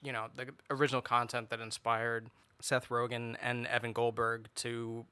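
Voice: medium pitch, level tone, normal speed, sharp tone, clear, resonant tone, no room sound. A podcast co-host in casual chat, talking thoughtfully and hedging a lot.

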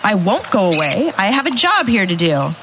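A woman doing a pleading police constable, Midwestern accent, lively pitch, faint noise. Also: normal speed, natural voice. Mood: exasperated. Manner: pleading and exasperated. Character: frustrated police constable, adult man.

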